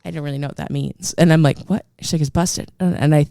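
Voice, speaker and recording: A woman co-hosting a podcast, telling a story in a rambling, animated way full of fillers. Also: deep voice, quick pace, creaky, no echo, clean studio sound. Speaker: podcast co-host. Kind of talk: casual storytelling chat.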